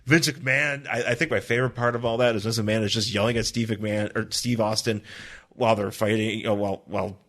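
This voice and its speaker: A man co-hosting a podcast in casual chat, animated, often acting out quotes in loud high voices. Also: quick pace. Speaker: podcast co-host.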